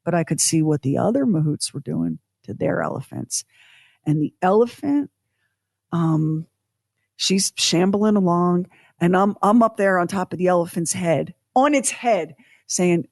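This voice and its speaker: A woman co-hosting a podcast, telling a personal story in an animated, self-deprecating way with acted-out quotes. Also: fairly low pitch, unhurried, creaky, dry recording, studio quality. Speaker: podcast co-host.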